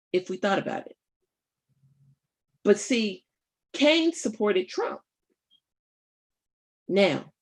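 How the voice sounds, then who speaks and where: A woman hosting a live radio show, giving political commentary in an emphatic, rhetorical way and speaking straight to her listeners, with pauses and fillers as she thinks aloud. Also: lowish voice, gravelly.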